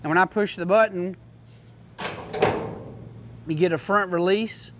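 A man's voice: sits high, unhurried, background noise. A man giving a casual, joking product demo to a class, in a folksy manner. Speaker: product demonstrator.

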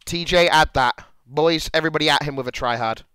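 A young man with a British accent, streaming and reacting to posts in crude, casual chat, laughing loudly and muttering as he reads. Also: on the high side, fairly quick, clear, resonant tone, dry recording.

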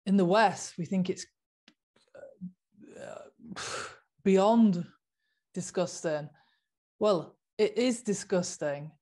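An earnest woman vlogger talks straight to her viewers in a casual, impassioned monologue. She speaks slowly at a middling pitch, repeats herself and asks rhetorical questions. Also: warm tone.

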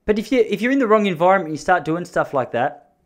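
A man's voice: sits high, animated, fast talker. A man hosting a solo podcast, rambling through jokey, self-mocking asides. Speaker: podcast host.

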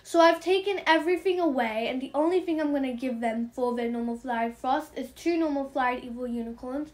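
A woman hosting a gaming channel, chattering fast and excitably as she narrates her in-game trades and apologizes for talking so quickly. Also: high-pitched. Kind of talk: game trading commentary vlog.

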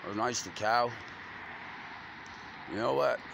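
A man's voice: medium pitch, unhurried, vocal fry. A man rambling in a loose, slangy monologue, cursing freely as his thoughts wander. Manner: loose, slangy, stream-of-consciousness talk with cursing. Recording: loud street noise with passing vehicles.

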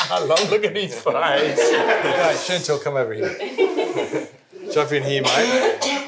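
A man's voice: on the high side, sing-song, takes it slowly, heavy background noise. A man with an Australian accent hosting a fishing show, chatting casually, teasing and laughing a lot. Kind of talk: casual chat. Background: music.

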